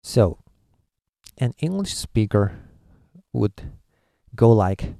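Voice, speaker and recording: Slow gravelly Japanese-accented man teaching. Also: lowish voice, lively intonation, dark tone, dry recording, clean studio sound. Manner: hesitant, many filler uhs, demonstrates syllables aloud. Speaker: language teacher. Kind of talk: casual spoken lesson.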